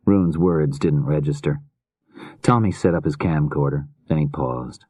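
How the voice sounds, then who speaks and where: A man narrating a thriller audiobook in a measured, grave manner. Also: extremely low pitch, mellow, husky, no echo.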